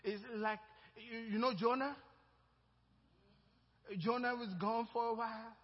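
A man's voice: very high-pitched, fairly even intonation, unhurried. A male pastor preaching a sermon, moving from personal storytelling to fervent exhortation. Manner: storytelling, then rising to loud fervent exhortation. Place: church sanctuary. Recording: dull lo-fi church recording with long reverb.

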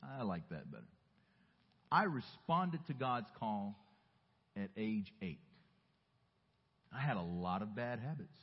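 A man from the Southern US preaching a sermon, telling a personal story earnestly and dropping softly into reflective asides. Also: lowish voice, very animated, takes it slowly, pauses often, breathy edge. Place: church sanctuary. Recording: muffled recording in a reverberant church hall.

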